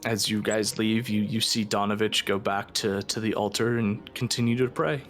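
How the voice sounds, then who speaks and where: A man's voice: on the low side, steady tone, normal speed, fairly bright tone, faint music behind. A man narrating a tabletop game as game master, casual and often restarting his words. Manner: casual, with stammered restarts and laughs.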